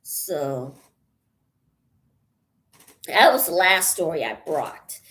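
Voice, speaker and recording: A woman vlogging casually as she paints, out of breath and rambling with many pauses, thinking aloud. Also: sits low, big pitch swings, fairly bright tone. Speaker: channel host. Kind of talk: casual vlog while painting.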